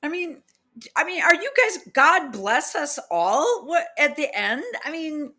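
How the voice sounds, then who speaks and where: A woman with a bright, fairly high voice rants in exasperated disbelief while reading posts aloud. She talks slowly and deliberately, her pitch leaping high in incredulity as she picks apart each grammar mistake in casual commentary. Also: very animated.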